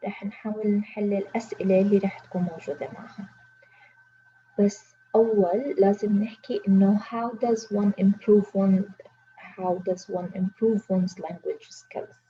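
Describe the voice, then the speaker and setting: Woman teaching reading slowly. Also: mid-range voice, steady tone, mellow. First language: Arabic. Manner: switches between slow careful English and rapid Arabic explanation. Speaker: English teacher. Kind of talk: online reading lesson. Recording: dull lo-fi recording with faint hum.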